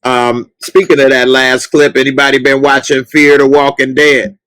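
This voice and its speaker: This is a man hosting a laid-back talk show in a middle-pitched voice. He chats casually and now and then bursts into loud, animated rants aimed at TV characters. The sound is close and dry. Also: normal speed, clean tone, no echo, rough recording. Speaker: podcast host. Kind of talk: casual chat.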